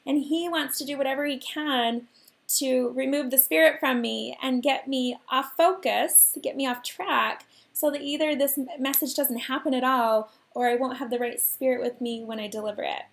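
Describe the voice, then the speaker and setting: High-pitched lady chatting on her livestream, tells a story all animated with lots of laughs. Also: moderate pace, creaky. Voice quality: animated, laughs often while telling. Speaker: host. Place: home.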